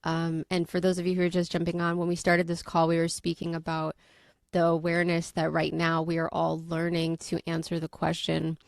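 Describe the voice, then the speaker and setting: A woman hosts a group coaching call, guiding members gently and reflecting back what she hears. Her voice sits low with a gravelly edge. The sound is dry and close. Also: monotone, brisk, no room sound. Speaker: mentor and host.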